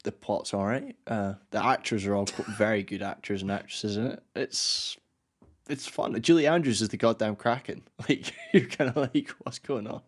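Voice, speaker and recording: A man co-hosting a podcast in casual chat, relaxed and rambling, with plenty of "uh" and "like" and frequent laughs. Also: on the low side, normal speed. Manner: relaxed and rambling, full of fillers like "uh" and "like", laughs often. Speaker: podcast co-host.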